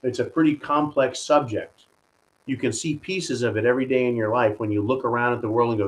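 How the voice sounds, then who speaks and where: A man's voice: mid-range voice, fairly quick, low-quality recording. Guy ranting on his livestream show, combative, keeps saying folks and right. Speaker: host of a live stream show. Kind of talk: political commentary livestream.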